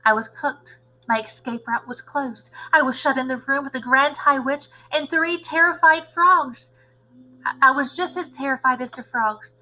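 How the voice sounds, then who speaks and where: Bright, high-voiced teacher reading aloud. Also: female voice, moderate pace, rough recording. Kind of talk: storybook read-aloud narration.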